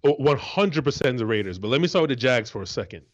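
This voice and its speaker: A man's voice: medium pitch, lively intonation, quick pace, highs cut off. A man who once played pro football, co-hosting a casual sports talk show in an emphatic, profane way. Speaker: co-host, former football player.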